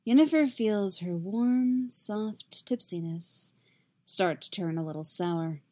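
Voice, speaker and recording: A woman reading a story aloud in a soft, steady, intimate narration. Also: medium pitch, slow. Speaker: reader. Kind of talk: audiobook-style fiction reading.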